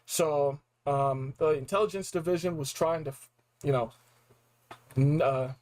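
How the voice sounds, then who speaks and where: A young man with a fairly high voice recaps a video game story. He is excited and casual, with lots of slang and acted-out reactions. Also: measured pace, low-quality recording. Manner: animated, slangy, acts out reactions. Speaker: game reviewer.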